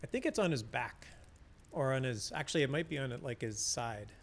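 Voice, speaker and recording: A man streaming a fantasy game rambles and chats casually, frequently restarting his sentences. His mid-range voice is expressive and fairly quick, with slight background noise behind it.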